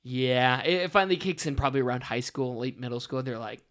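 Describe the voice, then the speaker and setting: Bright, animated podcast guy. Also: mid-range voice, fast talker. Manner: animated, self-deprecating storyteller. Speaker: podcast guest. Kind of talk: casual podcast chat. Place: home studio.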